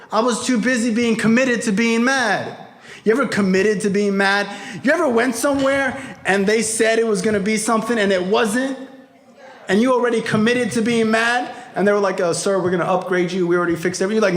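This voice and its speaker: High-voiced man telling a raw recovery story. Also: a little fast. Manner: raw, profane, emphatic storytelling with shouted peaks. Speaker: recovery speaker. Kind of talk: storytelling talk to a crowd. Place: convention hall before an audience.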